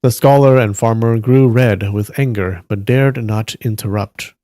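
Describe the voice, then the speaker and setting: A man on a live stream reading a novel aloud at a steady pace, stopping now and then to react to the story. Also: lowish voice, a little slow, no echo, studio quality.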